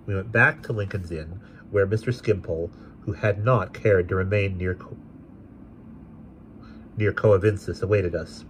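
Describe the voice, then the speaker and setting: A man narrating a classic novel aloud in a steady, expressive way. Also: low-pitched, unhurried, a little hiss or hum. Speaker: audiobook reader.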